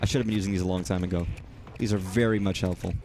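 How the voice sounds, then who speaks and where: A young man streaming a game, swearing freely and talking excitedly to himself as he plays. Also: deep voice, very fast. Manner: profane, excitable, talks to himself while playing. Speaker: gaming streamer. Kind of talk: live gameplay commentary.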